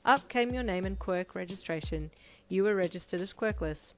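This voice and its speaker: A woman's voice: on the low side, normal speed, a little hiss or hum. A woman narrating a fan story aloud in second person, reading steadily. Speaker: fanfiction reader.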